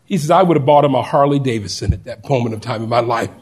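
A man preaching a sermon, telling a story and acting out the voices of the people in it, swinging from loud to hushed. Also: mid-range voice, fast, slightly rough.

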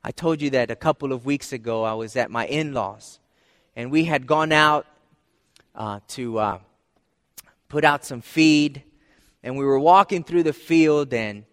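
A man's voice: medium pitch, measured pace, pauses often, fairly bright tone, smooth. A man preaching a sermon as pastor, earnest and repeating phrases for emphasis. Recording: long hall reverb.

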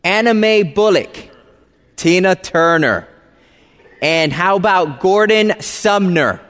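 A man telling a personal story to an audience in an animated, halting way, often repeating words as he starts a phrase. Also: sits high. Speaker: speaker addressing an audience. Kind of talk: storytelling talk. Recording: reverberant hall.

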